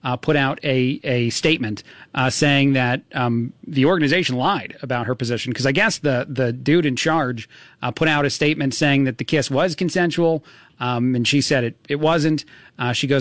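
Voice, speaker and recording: A man hosting a talk radio show, musing out loud with many fillers and restarts. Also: fairly high pitch, brisk, no room sound. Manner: rambling, full of uh and restarts. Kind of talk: casual talk radio commentary.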